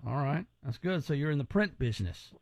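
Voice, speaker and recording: A male radio host with a high voice, joking and teasing his callers. He rambles in loose, casual banter and keeps the show moving. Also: lively intonation, fairly quick, no echo.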